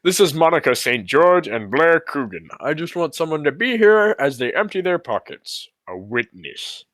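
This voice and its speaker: A man's voice: on the high side, big pitch swings, normal speed, fairly bright tone, dry recording. A man reading the part of a fussy, mock-stern school principal in an amateur play reading. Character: fussy middle-aged male school principal.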